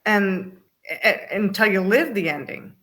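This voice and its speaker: Woman guest chatting, tells funny stories, acts out voices, medium pitch. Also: measured pace, fairly bright tone. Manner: storytelling, acts out quoted voices, uses humor. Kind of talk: casual interview chat.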